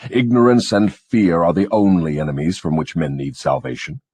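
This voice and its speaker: A man's voice: sits low, lively intonation, normal speed, a little mellow, slightly rough, exaggerated voice. A man voicing a scornful, cunning devil who gloats and lectures in a mocking audiobook dramatization.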